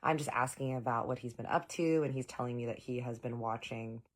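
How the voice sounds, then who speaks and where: Chatty husky-voiced woman telling a story. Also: very deep voice, a little fast. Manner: chatty, lots of fillers and asides to viewers. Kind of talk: storytime vlog.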